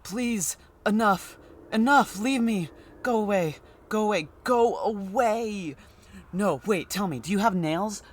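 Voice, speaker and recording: A man voicing a paranoid, agitated man who is locked in his house, reading his lines in a shrill, pleading way. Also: a little slow. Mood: frantic.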